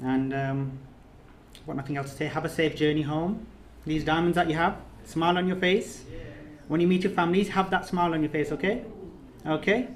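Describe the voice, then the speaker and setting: Man, fairly high voice, heartfelt speech of thanks, echoey room. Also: steady tone, fairly quick, slight background noise. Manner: earnest, repetitive, emphatic. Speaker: course trainer giving a speech. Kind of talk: emotional closing speech. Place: reception room in a residence. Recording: echoey room, faint ambience.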